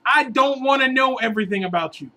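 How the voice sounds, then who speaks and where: A man telling a long, rambling relationship story in a casual vlog, animated and sometimes bursting into exasperated outbursts. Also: extremely high pitch, quick pace, low-quality recording. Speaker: vlogger giving relationship advice.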